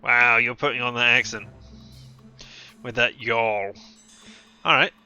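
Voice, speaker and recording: A man's voice: mid-range voice, fairly even intonation, slow, sharp tone, clear, resonant tone, lo-fi sound, soft background music. A man streaming a game, making wry, joking comments and reading choices aloud.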